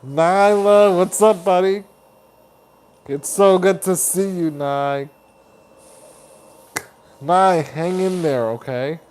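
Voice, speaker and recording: A man hosting a live stream chat. He reads viewer comments aloud, greets people warmly by name as buddy and honey, and laughs often. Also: high voice, takes it slowly, pauses often, smooth. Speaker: livestream host.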